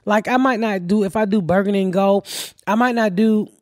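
A woman's voice: mid-range voice, a little fast, dry recording, studio quality. A Southern American woman, a comedian and podcast host, telling brash, profane stories in casual chat with a congested voice.

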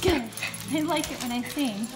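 A woman's voice: high-pitched, normal speed, over loud music. A woman vlogger talking casually to her dogs at home, in a sing-song, cooing pet-talk voice. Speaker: vlogger with a guide dog.

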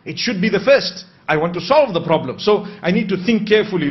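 A man preaching a sermon, measured and posing rhetorical questions he then answers. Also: high voice, lively intonation. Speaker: Islamic preacher. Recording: dull lo-fi recording.

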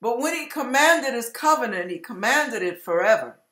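A woman preaching an emotional sermon, fervent and emphatic, sometimes breaking into loud cries. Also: a little high, expressive, normal speed, echoey room. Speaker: online preacher.

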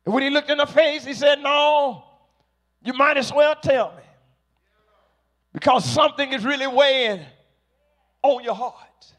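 A man preaching a sermon to a congregation, slow and emphatic, rising to shouted peaks. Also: very high-pitched.

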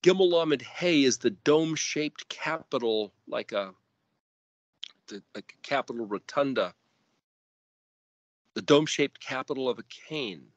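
A man teaching scripture verse by verse, spelling out Hebrew letters and word roots deliberately and rising sharply when stressing commands. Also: medium pitch, no echo, dull audio. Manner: emphatic rises on commands. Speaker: Bible teacher.

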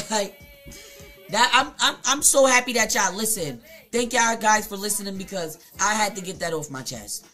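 A woman live streamer telling a blunt, profane story to her chat at home, her voice swinging between hushed and loud. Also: medium pitch, normal speed, soft background music. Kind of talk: casual confessional storytelling to chat.

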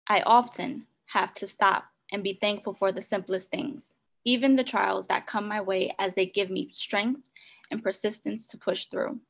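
Woman reader; earnest, sincere devotional reading, mid pitch. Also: fairly even intonation, moderate pace, vocal fry.

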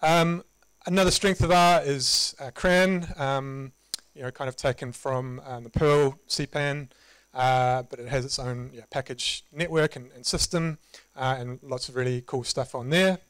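A man with a New Zealand accent giving a relaxed, conversational conference talk with self-deprecating humor. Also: mid-range voice, a little slow, clear, resonant tone, no echo, poor audio. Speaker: conference presenter. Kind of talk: casual live tech talk. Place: meetup presentation room.

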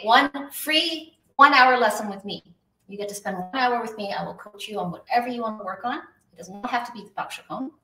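A woman's voice: medium pitch, pushed and bright, far from the mic. A woman hosting a live online violin lesson, chatty and upbeat, greeting viewers by name as she reads their questions from the chat. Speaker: violin teacher hosting a livestream. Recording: echoey room, voice from off the mic, faint hiss.

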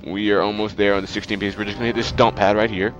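A man speaks very fast and flatly in a fairly low, slightly bright voice, his nose stuffy, as he rambles through casual let's play commentary heavy with fillers. Faint game music sits behind the dull, lo-fi sound.

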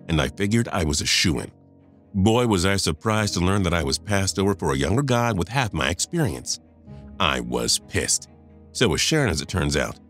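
A man in his fifties narrating a first-person story, confiding and talking straight to the listener. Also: low voice.

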